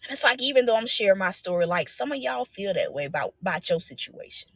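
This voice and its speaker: A young woman talking casually to viewers live, animated and preachy, full of rhetorical questions and slang. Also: mid-range voice, fast talker, few pauses, no echo. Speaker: vlogger sharing a faith message.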